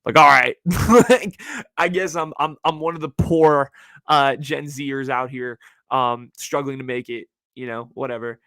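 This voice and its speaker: A man's voice: unhurried, no room sound. A young man hosting a podcast, ranting casually with slang and swearing, and jumping into mocking voices. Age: young adult. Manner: animated, swearing, slangy, jumps into mocking high-pitched voices. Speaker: podcast host. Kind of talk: casual solo rant.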